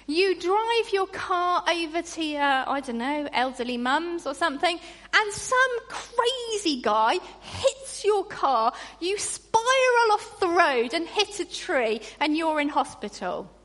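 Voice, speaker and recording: A woman preaching a sermon in an animated way, acting out grumbling voices. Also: very high-pitched, takes it slowly. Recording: long reverb in a large hall.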